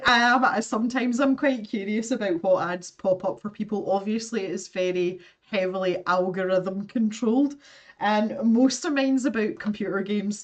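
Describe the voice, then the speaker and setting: A woman in her thirties talks casually as she draws on a livestream, rambling, self-deprecating and quick to laugh. Her voice is mid-pitched and sounds a little distant from the microphone. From Scotland. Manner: chatty, self-deprecating, laughs often, reads viewer comments aloud. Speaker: artist livestreaming her drawing. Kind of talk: casual livestream chat while drawing.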